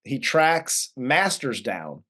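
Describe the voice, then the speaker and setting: A man co-hosting a movie review, casually recapping the plot, relaxed and profane with frequent laughs. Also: mid-range voice, slow. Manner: laid-back, profane, laughs often. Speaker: co-host of a movie review show.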